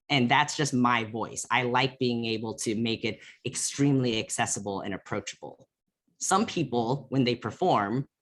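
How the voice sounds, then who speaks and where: Young man teaching a poetry workshop on a video call, mid-pitched, casual and emphatic. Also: fairly bright tone. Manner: conversational, emphatic.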